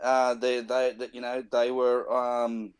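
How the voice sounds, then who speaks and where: A man on a casual panel, wry and playful, halting with fillers. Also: medium pitch, completely flat delivery, clear, resonant tone.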